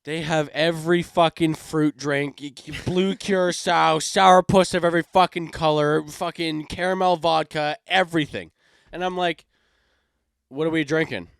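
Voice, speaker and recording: A young man co-hosting a casual comedy podcast, telling stories in an animated way with heavy swearing. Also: a little high, moderate pace, creaky, smooth, no echo, studio quality. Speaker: podcast co-host.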